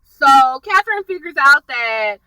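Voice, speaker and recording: Woman doing a chatty tv recap, high voice, real bright, sitting back from the mic. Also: measured pace, no echo, recorded from a distance, rough recording. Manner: animated, chatty storytelling, addresses viewers directly. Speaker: TV episode reviewer. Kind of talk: casual episode recap to viewers.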